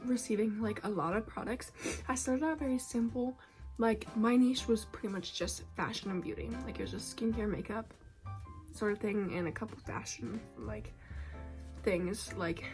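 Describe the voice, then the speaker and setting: A woman's voice: on the high side, moderate pace. A young woman talking casually to camera as a content creator, chatty and full of fillers. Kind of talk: casual vlog talk. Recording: faint music behind.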